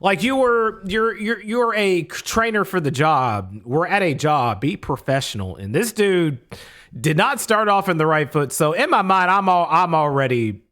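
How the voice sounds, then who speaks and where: A young man with a high, bright voice that swoops up and down as he tells a story. He talks casually and emphatically, swears freely, and often says things twice. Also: sing-song, moderate pace. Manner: emphatic, profane, repeats himself. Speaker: storytelling YouTuber.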